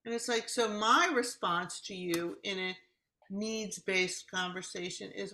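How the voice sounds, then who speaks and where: A woman's voice: mid-range voice, unhurried, bright, forceful tone, rough recording. A middle-aged woman, a communication coach, explaining in casual conversation and acting out example dialogues.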